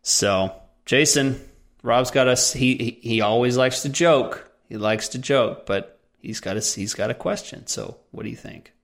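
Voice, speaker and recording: A man's voice: medium pitch, unhurried, gravelly, fairly bright tone. A man co-hosting a casual podcast about online ads, joking and laughing as he reads a listener question. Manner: jokey, laughs often. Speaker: podcast co-host.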